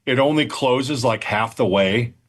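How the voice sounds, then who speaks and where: A man's voice: medium pitch, a little slow, a bit bright. A man co-hosting a casual movie review podcast, blunt and profane in his opinions. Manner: blunt and profane, emphatic agreement. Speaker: podcast co-host.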